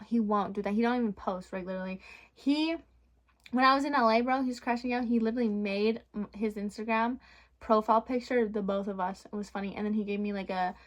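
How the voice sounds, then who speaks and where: A young woman vlogger telling a storytime rant in a blunt, profane, animated way. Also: fairly high pitch.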